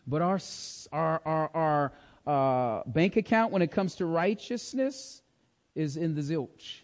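A man preaching a Bible-teaching sermon, lively and emphatic, often asking the congregation questions. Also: a little high, takes it slowly, vocal fry.

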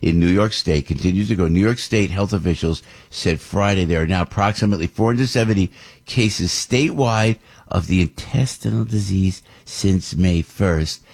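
A middle-aged American man with a very deep, husky voice hosts a talk radio show. He rambles from one opinion to the next and often restarts his sentences. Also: moderate pace. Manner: rambling, animated, with many restarts and asides.

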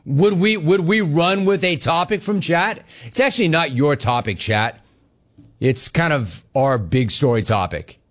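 Animated male sports radio host. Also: on the high side, unhurried. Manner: animated storyteller, wry and conversational. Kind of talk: talk radio monologue.

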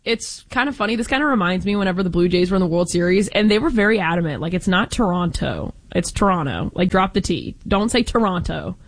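A woman's voice: mid-range voice, low-quality recording. Chatty woman co-hosting sports talk. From Austin, Texas. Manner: quick, chatty, playful. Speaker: sports radio co-host. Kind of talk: sports talk show banter.

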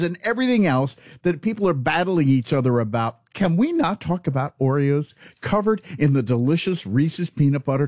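A man's voice: a little high, darkish tone, no room sound, clean studio sound. A man hosting a talk radio show, ranting emphatically with lots of fillers and restarts. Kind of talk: casual talk radio chat.

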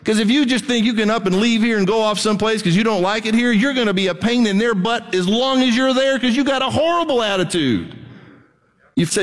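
A man's voice: sits high, a little fast. A middle-aged man preaching a sermon to his church, talking conversationally with blunt emphasis. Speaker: pastor. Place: church hall. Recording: long hall reverb.

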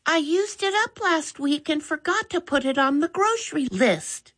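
Woman doing a high-pitched young girl. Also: animated, normal speed, a bit bright. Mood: chatty. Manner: high, exclaiming. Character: young girl, helpful older sister type.

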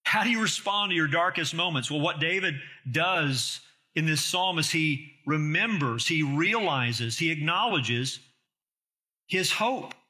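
A man's voice: a little high, lively intonation, measured pace, bright, forceful tone. A man preaching a sermon as a pastor, emphatic and full of rhetorical questions.

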